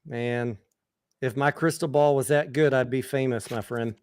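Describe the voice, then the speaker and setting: A man's voice: mid-range voice, steady tone, moderate pace, smooth, no echo, clean studio sound. A man hosting a casual live stream, reading chat aloud in a laid-back, joking way.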